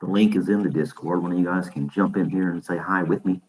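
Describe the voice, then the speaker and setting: A man's voice: low voice, fairly even intonation, quick pace, darkish tone, poor audio. A man hosting his podcast in casual live-stream chat, rambling and chuckling often into a desk microphone. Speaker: podcast host.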